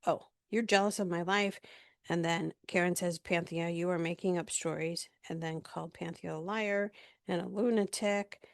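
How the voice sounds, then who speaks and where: A woman's voice: fairly low pitch, little pitch movement, normal speed, creaky, no echo, clean studio sound. A woman casually recapping a reality TV episode, retelling the scenes in a chatty way with lots of fillers.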